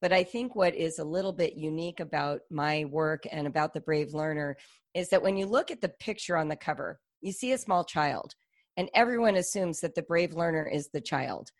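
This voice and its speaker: A middle-aged woman talking as a podcast guest, her voice sitting a touch low. She is thoughtful and expressive, with a storyteller's manner. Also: brisk. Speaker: guest, homeschool author. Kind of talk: podcast interview.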